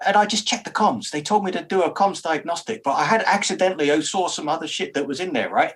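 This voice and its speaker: A man's voice: on the high side, fast, a bit bright. A man in a tabletop role-play, rambling conspiratorially in character as a jittery, paranoid spacer. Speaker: player.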